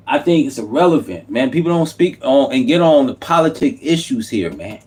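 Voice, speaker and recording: Male YouTube commentator, passionate sermon-like rant, average pitch. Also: expressive, brisk, a little mellow. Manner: impassioned, repetitive, preachy. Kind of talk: unscripted political monologue.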